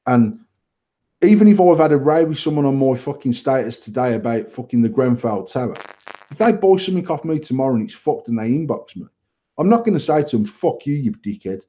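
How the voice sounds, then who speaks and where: A man chats and rants on a banter podcast, cursing freely and acting out online arguments with plenty of energy. His voice is mellow and relaxed in tone. The recording sounds somewhat dull and lo-fi. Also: mid-range voice, a little fast. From England. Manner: swears a lot, animated retelling of arguments. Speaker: podcast co-host. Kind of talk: casual banter, storytelling.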